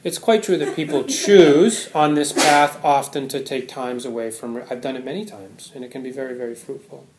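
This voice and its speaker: A man's voice: medium pitch, normal speed, few pauses, darkish tone, reverberant. A man giving a Buddhist Dharma talk to a live audience, conversational, often checking in with "right?". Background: audience laughter.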